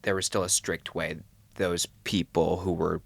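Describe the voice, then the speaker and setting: A man with a very low voice, chatting as a guest on a podcast. He tells stories about himself in a loose, self-mocking way. The sound is close and dry. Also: flat delivery, measured pace, creaky, dry recording. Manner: chatty, self-deprecating storyteller. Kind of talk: casual chat.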